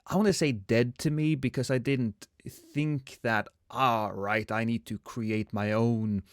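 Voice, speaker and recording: A man's voice: mid-range voice, steady tone, a little slow, no echo, clean studio sound. A man co-hosting a gaming podcast, chatting casually in a laid-back, rambling way and laughing often. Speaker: podcast co-host. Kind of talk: casual chat.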